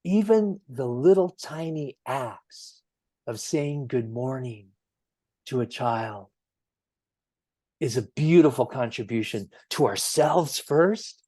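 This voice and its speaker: A man giving a gentle, earnest sermon as a minister, telling stories at an easy pace with emphatic swells. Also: mid-range voice, animated, slow pace, dry recording, clean studio sound. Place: church sanctuary.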